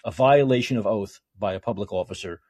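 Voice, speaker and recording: Husky-voiced man ranting heatedly. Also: fairly low pitch, brisk. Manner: heated, sarcastic, profane ranting between calmer read-aloud passages. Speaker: political talk show host. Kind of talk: reading legal documents aloud and ranting.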